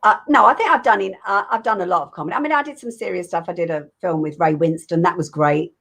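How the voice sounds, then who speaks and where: An older English actress chatting as a guest in a casual interview, rambling with many fillers and little laughs. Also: female voice, lowish voice, fast talker, creaky, fairly bright tone.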